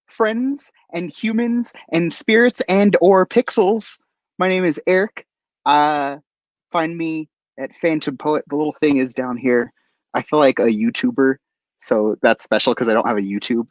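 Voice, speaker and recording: A man's voice: on the high side, measured pace, dry recording. A man on a video call at an online open mic, introducing himself with many fillers and then reading a poem. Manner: relaxed, hesitant with many fillers. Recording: dry, dull lo-fi call audio.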